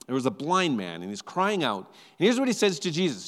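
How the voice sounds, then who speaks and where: A male pastor giving a sermon in a conversational, animated storytelling way, often repeating words as he goes. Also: on the high side, fairly quick, big-room sound.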